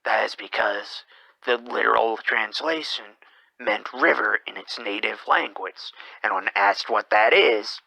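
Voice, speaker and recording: A man hosting a slow, brooding monologue, rambling and hesitant, who keeps dropping into whispers mid-sentence. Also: on the low side, gravelly, sharp tone, husky, dry recording, low-quality recording. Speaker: podcast host.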